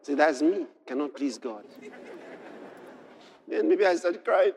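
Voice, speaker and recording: Animated high-voiced male preacher. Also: slow pace, long pauses, background noise. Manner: builds from quiet storytelling to shouted exhortation; quotes scripture in old-fashioned wording. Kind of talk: sermon.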